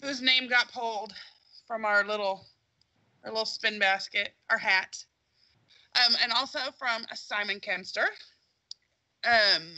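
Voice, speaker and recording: A woman co-hosting a podcast, chatty and giggly, her voice a little hoarse. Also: on the high side, measured pace, long pauses, sharp tone, poor audio. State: losing her voice. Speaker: podcast co-host. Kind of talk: casual podcast chat.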